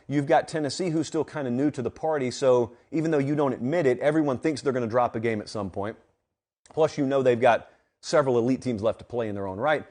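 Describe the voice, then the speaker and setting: A man's voice: medium pitch, a little mellow. A man hosting a sports show, giving solo football commentary in an emphatic, conversational way, with rhetorical questions aimed straight at his audience.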